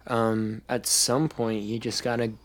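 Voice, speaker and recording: Co-host, slow and deliberate, hesitant and reflective, lots of "um" and "like". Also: medium pitch, flat delivery, slight background noise. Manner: thoughtful, hesitant, many fillers. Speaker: podcast co-host. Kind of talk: casual podcast chat.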